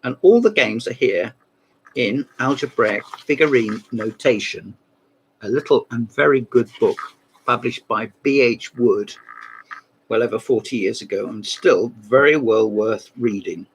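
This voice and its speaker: A man's voice: mid-range voice, expressive, unhurried, a little hiss or hum. A man in a rambling comic monologue about old books, breaking off into mock phone calls and asides. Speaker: comedy book reviewer.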